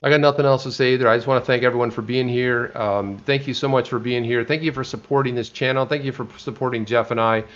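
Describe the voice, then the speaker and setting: An American man co-hosting a casual live stream chat, talking in a rambling, animated way and often restarting his sentences. His voice sits at an average pitch for a man. The sound is a bit muffled and lo-fi. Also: fast talker, few pauses. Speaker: co-host.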